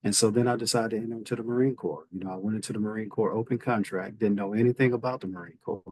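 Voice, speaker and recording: Middle-aged guest with Southern lilt, husky, dry close mic, storytelling cadence. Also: male voice, on the low side, racing, no echo, low-quality recording. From Indiana, USA. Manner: relaxed storytelling with frequent repeated starts. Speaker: guest, federal official. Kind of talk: conversational interview.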